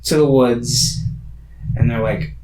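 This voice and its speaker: A man's voice: mid-range voice, slow, a little mellow. Laid-back rambling man in a roomy room. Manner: rambling, laid-back, lots of filler words. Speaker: podcast co-host. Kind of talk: casual movie recap chat.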